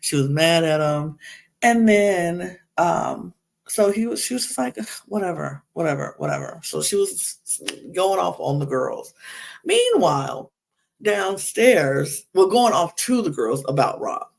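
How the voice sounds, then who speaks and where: A woman's voice: lowish voice, very animated, slow, gravelly. A woman hosting a podcast, recapping a reality show in a chatty, rambling way with many fillers. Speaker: podcast host.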